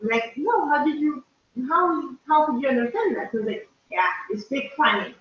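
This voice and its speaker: A woman's voice: expressive, normal speed. A young woman, chatting playfully and telling a story with a laugh in her voice. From Greece. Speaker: vlogger's girlfriend. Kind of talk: casual chat. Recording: distant, very roomy, dull low-fi sound.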